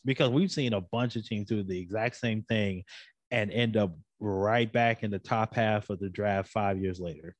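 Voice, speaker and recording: A man's voice: fairly low pitch, no room sound. A man hosting a podcast in casual chat, joking and teasing his co-host.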